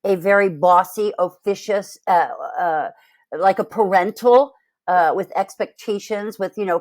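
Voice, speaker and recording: A woman vocal coach chatting casually about a song, lively, and acting out voices as she talks. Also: medium pitch, measured pace. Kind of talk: casual chat, reacting to a song.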